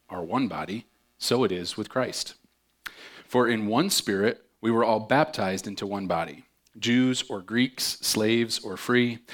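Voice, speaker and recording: A man preaching a sermon as pastor, upbeat and chatty, with joking asides between readings. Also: lowish voice.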